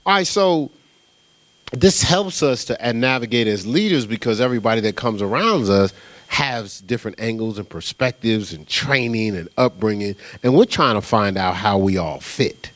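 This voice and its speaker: In a dry recording, a middle-aged New Jersey man preaches as a pastor, his voice lowish and his pace moderate. Stories come out animated and relaxed, conversational in tone, punctuated repeatedly by "right?"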